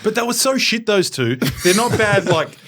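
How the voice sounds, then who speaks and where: A man's voice: high voice, expressive, moderate pace, fairly bright tone. A man with an Australian accent, a former footballer co-hosting a podcast, telling rambling anecdotes and swearing freely. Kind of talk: casual banter. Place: podcast studio.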